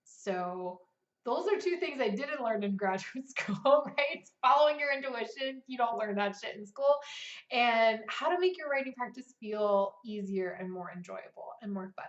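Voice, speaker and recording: A woman's voice: on the high side, lively intonation, moderate pace. A woman in her thirties, a writing coach, talking casually and chattily with frequent "like" and "right?". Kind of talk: casual vlog talk. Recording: roomy, slightly dull recording.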